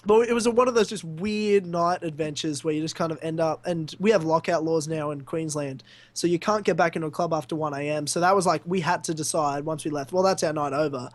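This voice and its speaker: Young Australian man, high voice, animated storyteller, dry close sound; podcast co-host spinning anecdotes. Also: brisk, no echo. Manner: animated storyteller, laughs often. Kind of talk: casual storytelling chat.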